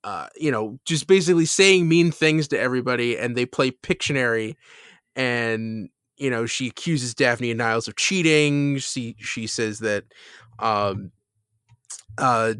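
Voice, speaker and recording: Laughing as he retells a scene, a man co-hosting a podcast chats loosely, with frequent fillers and restarts. His medium-pitched voice is measured, fairly bright, clear and resonant. There's no room sound, and the quality is studio-grade.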